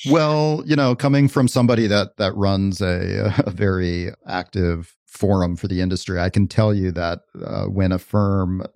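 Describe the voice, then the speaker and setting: A man's voice: low voice, steady tone, moderate pace, vocal fry, hardly any pauses, a little mellow, dry recording, clean studio sound. A man hosting a podcast, asking casual and wry questions and adding his own views. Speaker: podcast host. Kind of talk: conversational podcast interview.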